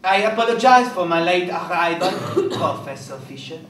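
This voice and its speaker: A man's voice: high voice, lively intonation, moderate pace, fairly bright tone, a little hiss or hum. A man playing an apologetic latecomer. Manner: polite, apologetic. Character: apologetic tardy male architect. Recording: echoey room, voice from far off.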